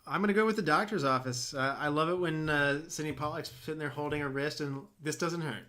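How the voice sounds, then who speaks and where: A man's voice: on the high side, fast talker, pushed and bright, slight background noise. A man co-hosting a movie podcast, chatting casually with enthusiastic, rambling talk. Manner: enthusiastic, rambling with many "like" fillers. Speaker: podcast co-host.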